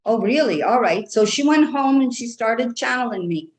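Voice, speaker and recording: A woman speaking as a trance channel with an Irish brogue, talking slowly and soothingly for a group of guides. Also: fairly high pitch, expressive, low-quality recording.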